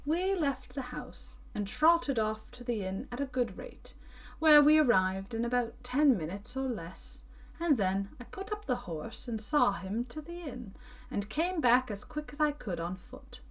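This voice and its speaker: Female audiobook reader, slow, expressive delivery, lightly high voice. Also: far from the mic. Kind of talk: audiobook narration.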